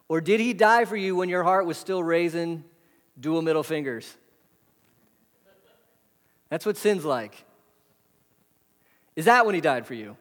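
A pastor preaching a sermon in a conversational way, full of rhetorical questions. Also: male voice, fairly high pitch, lively intonation, unhurried, long pauses, a bit bright. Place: church hall. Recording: hall reverb.

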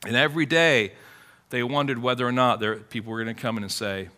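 A man's voice: medium pitch, fairly even intonation, quick pace, pushed and bright. A man preaching a sermon in an earnest, conversational way, often restarting his phrases. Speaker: pastor.

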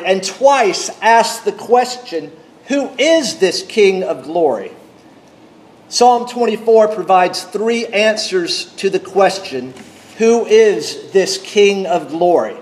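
Man, pastor, sermon, high voice, slow deliberate delivery, emphatic. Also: darkish tone. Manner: measured, emphatic preaching with a deliberate reading of scripture.

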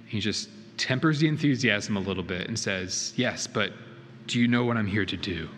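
A man's voice: lowish voice, moderate pace, fairly bright tone. A male pastor preaching a sermon in a church, earnest and emphatic, with rhetorical questions. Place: church sanctuary. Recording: reverberant hall with faint noise.

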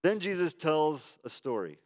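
A male pastor in his thirties preaching a sermon in a conversational, animated way, moving between quiet prayer and lively storytelling. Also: a little high, unhurried.

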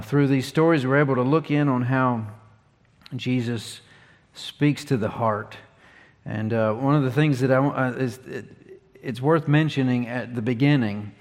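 A male pastor preaching a sermon in a church, speaking in a measured, earnest way and asking the congregation questions. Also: medium pitch. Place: church sanctuary. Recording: long reverb of a church hall.

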